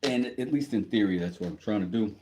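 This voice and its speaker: A man's voice: on the low side, a little fast, background noise. A man chatting casually on a livestream as he does woodworking, joking and greeting viewers. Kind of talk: casual livestream chat while working. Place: workshop.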